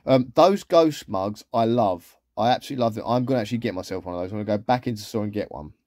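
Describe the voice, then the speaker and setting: Male vlogger, easygoing and rambling, mellow voice, dry close sound. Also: fairly low pitch, quick pace, no echo. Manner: chatty, rambling, with trailing asides. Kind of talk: casual shopping haul commentary.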